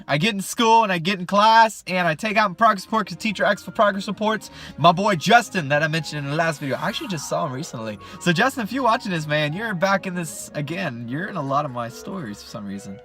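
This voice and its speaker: Sex: man. Style: casual storytime vlog. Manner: animated, jokey. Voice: bright, fairly high, with faint music. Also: a little fast. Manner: animated, jokey, talks straight to camera.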